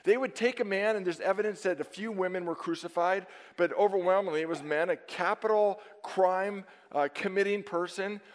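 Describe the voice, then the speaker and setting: A man preaching a sermon to his congregation, emphatic and dynamic, swinging from loud stresses down to hushed asides. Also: sits high, moderate pace, hardly any pauses. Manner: emphatic, dynamic preaching with sudden drops to near-whisper. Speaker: pastor. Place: church sanctuary. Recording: long reverb of a church sanctuary.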